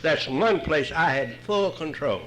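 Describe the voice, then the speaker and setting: Older man, recovery-meeting speaker, folksy and wry, animated pitch, faint hiss behind. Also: measured pace, poor audio. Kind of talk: humorous personal storytelling talk.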